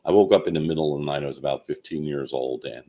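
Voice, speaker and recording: A man telling a personal story in a halting way, with many fillers and restarts. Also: very deep voice, dark tone, highs cut off. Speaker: channel host.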